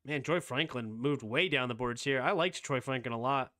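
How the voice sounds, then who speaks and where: A man hosting a casual live sports talk stream, reacting quickly and excitedly with strong opinions. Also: mid-range voice. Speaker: streamer host.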